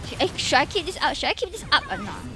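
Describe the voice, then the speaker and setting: Giggly high-voiced Singaporean woman streamer. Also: very animated, fast talker, music in the background. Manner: giggly and chatty, with Singlish particles. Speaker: VTuber streamer. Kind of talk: casual live-stream chat.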